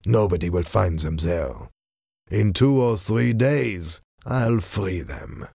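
A cunning, cruel masked villain, put on by a man reading a storybook. He speaks low, slow and menacing, with a commanding tone. His voice is gravelly and dry. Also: a little mellow, dry recording, full character voice.

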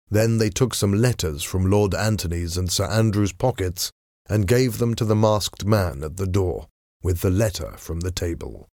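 A man reads a storybook aloud in a measured, deliberate way. His voice is low and gravelly. He reads very slowly. The sound is close and dry. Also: a little mellow, no room sound. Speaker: narrator. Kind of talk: storybook reading.

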